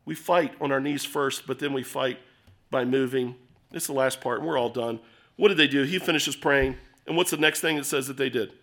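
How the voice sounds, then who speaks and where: Preaching briskly in a mid-range voice, a middle-aged pastor delivers an emphatic sermon that alternates between loud exhortation and quiet, hushed stories.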